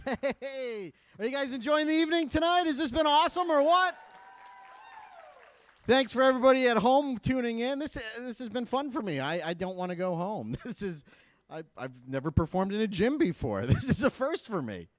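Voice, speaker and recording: A man's voice: extremely high pitch, normal speed, some chatter behind. A man in his thirties doing a self-deprecating stand-up set in a school gym. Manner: self-deprecating, animated storytelling. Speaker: stand-up comedian.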